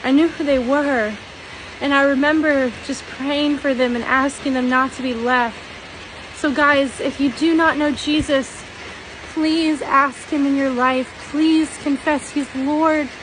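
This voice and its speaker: Woman, high-pitched, emotional testimony, laughs often, faint background noise. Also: fairly even intonation, unhurried. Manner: tearful, laughing, earnest. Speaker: dream testimony vlogger.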